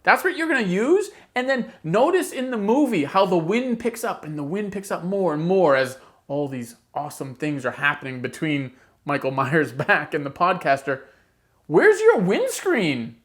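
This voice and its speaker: A woman's voice: fairly low pitch, lively intonation, normal speed. A woman hosting a horror channel, giving a casual opinion rant with exasperated, sarcastic asides.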